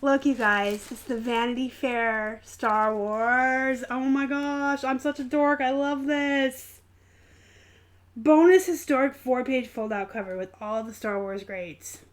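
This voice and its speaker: A young adult woman hosting a live stream, excitedly unboxing a gift and chatting casually to viewers with frequent giggles. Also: sits high, slow. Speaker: host of a reselling channel, live show.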